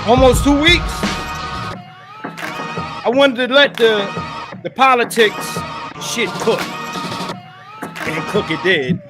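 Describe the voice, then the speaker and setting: A brash, profane man with a New York accent hosting a livestream, greeting viewers in chat. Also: very high voice. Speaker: livestream host. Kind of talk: casual livestream monologue. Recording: loud music behind the voice. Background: loud music.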